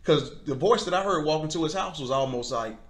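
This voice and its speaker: A man telling a personal faith testimony in conversation, earnest and halting, with frequent restarts. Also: on the high side, lively intonation. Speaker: guest.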